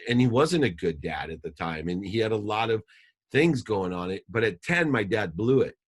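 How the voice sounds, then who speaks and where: A man in his fifties, a podcast guest, telling a personal story in an interview, fast and emphatic, repeating phrases for effect. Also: on the low side, animated, slightly rough.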